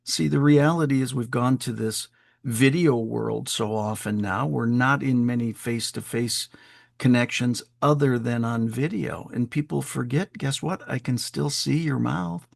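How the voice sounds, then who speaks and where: A man's voice: mid-range voice, a little slow, vocal fry, dry recording. A middle-aged man from Wisconsin, a sales trainer and speaker, telling upbeat stories as a guest on an online talk show. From Wisconsin, USA. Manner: upbeat, animated storytelling with acted quotes.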